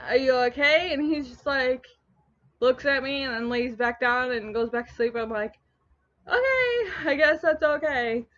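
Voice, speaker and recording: A young woman telling a story in a casual home vlog, rambling and animated, often stopping herself mid-sentence. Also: high-pitched, normal speed. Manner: rambling, animated, self-interrupting. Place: at home on a couch. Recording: dull lo-fi home recording.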